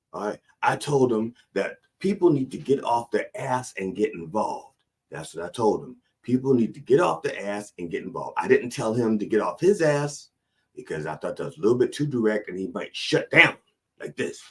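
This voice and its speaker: A man hosting a comedic mock sermon in an animated preacher cadence, repeating phrases and mixing cussing into his preaching. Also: medium pitch, normal speed. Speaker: comic preacher host.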